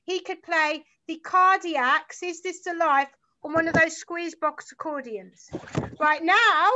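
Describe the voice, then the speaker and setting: Woman, London accent, forties, high-pitched, rambling and sweary, slightly dull recording. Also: slow pace, sharp tone, slight background noise. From South London, England. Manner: rambling, sweary, enthusiastic storytelling. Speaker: guest musician. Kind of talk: casual chat. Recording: slightly muffled lo-fi sound.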